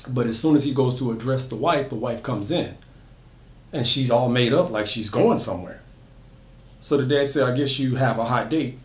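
A man retelling a horror story in a loose, conversational way, with frequent fillers and restarts. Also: mid-range voice. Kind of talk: casual spoken horror storytelling. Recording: echoey room.

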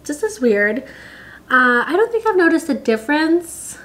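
A woman's voice: high-pitched, big pitch swings, moderate pace, a bit bright. A pregnant young woman talking casually to camera, chatty and giggly, with lots of fillers. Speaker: vlogger.

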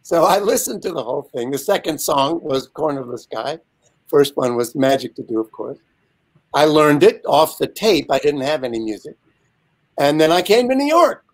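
A man in his seventies, a guest telling a lively, animated anecdote over a video call. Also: fairly high pitch, moderate pace. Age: 70s. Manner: lively, animated storyteller with frequent asides. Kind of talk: casual anecdote storytelling.

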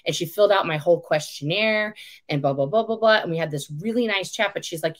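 Animated storytelling woman, lowish voice. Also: a little fast. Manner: animated, acts out quotes, swears. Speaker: podcast guest. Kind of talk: casual storytelling chat.

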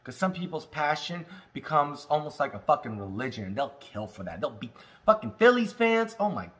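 Animated stoned man rambling, lots of swearing. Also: on the high side, moderate pace. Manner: rambling, profane, jokey, with laughs and smoker's coughs. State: high on cannabis. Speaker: cannabis review host. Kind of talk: casual stoned monologue.

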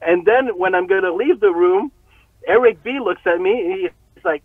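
Profane, animated man on a tinny line. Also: sits high, moderate pace, breathy edge, no room sound. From Montreal. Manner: profane, laughing, animated storyteller. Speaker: interview guest, chef. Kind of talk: casual storytelling. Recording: tinny phone-like line, very dry.

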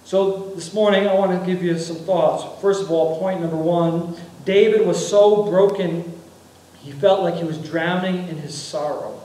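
A high-pitched male pastor preaches an earnest sermon at an unhurried pace, circling back and repeating his phrases. His voice rings through a very echoey church sanctuary, picked up from some distance away. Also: steady tone, mellow. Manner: earnest preaching with frequent repetitions and restarts.

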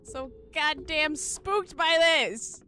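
A woman's voice: high voice, very slow, bright, forceful tone, faint music behind. A young woman commenting on a horror game as she plays, easily spooked, shrieking, swearing and laughing nervously. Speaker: gaming video host.

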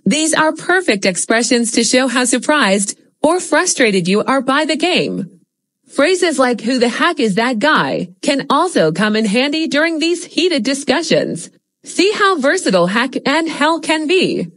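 A woman narrates a scripted English lesson, laying out each point in a steady explanatory way. Her voice sits high and moves with a lively, wide pitch swing, and the sound is dry and close. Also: a little slow, no room sound. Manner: steady explanatory delivery with spoken example phrases. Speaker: English teacher.

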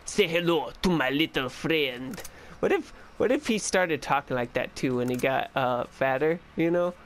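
A man's voice: medium pitch, slight background noise. A young man giving casual, joking let's-play commentary and chatting to the game character. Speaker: gaming YouTuber.

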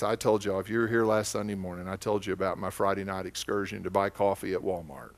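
A man's voice: low-pitched, steady tone, quick pace, hardly any pauses. A man with an Oklahoma accent preaching a sermon as pastor, telling stories in a folksy, conversational way.

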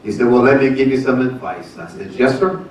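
Fairly quick and mid-range in voice, a pastor in his seventies tells a folksy story about his marriage, laughing as he goes, during a church service of testimony and announcements. He's recorded from far off in the echoey church sanctuary.

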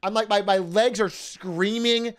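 A young man streaming, telling a long personal story in a casual, profane, animated way and laughing often. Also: sits high, a little slow, clear, resonant tone.

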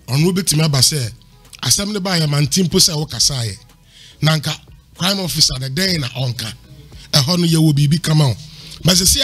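A man lecturing hard on a talk panel, his voice husky and a little high for a man. He hammers home his points by repeating them, with faint music playing behind. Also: a bit bright. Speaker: panel commentator. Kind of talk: emphatic argument.

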